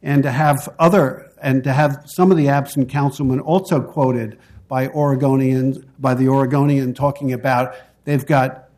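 Man giving measured testimony at a hearing. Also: medium pitch, fairly even intonation, darkish tone. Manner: measured and deliberate, halting between phrases. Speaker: public commenter at a city council hearing. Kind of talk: formal public testimony.

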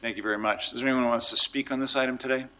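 A man's voice: mid-range voice, fairly even intonation, racing, sharp tone. A man serving as mayor, chairing a city council meeting and thinking aloud in an informal way with small jokes. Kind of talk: presiding over a public meeting.

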